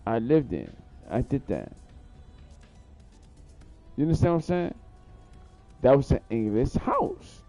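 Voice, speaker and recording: Gravelly dark-voiced guy cursing and rambling thru a story, faint music behind. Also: medium pitch, sing-song, slow pace, pauses often. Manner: profane, repetitive, rambling. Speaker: livestream host.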